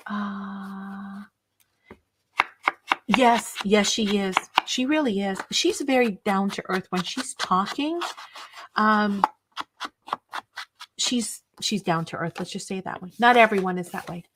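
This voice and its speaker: Woman, craft stream host, chatty, rambling, enthusiastic, plenty of fillers, mid-pitched voice, noticeable background noise. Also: measured pace, long pauses. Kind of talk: casual chat with live viewers.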